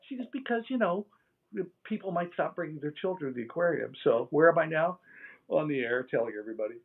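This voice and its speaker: A man's voice: fairly high pitch, quick pace, creaky. Middle-aged man telling a story over a phone line. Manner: animated storyteller acting out quoted dialogue. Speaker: interview guest. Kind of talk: storytelling in a live interview. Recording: tinny phone-line audio.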